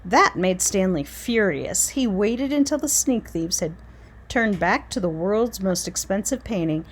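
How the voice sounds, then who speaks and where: A woman reading a children's chapter book aloud, expressive and dramatic. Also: mid-range voice, unhurried, husky. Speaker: reader. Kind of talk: storybook read-aloud.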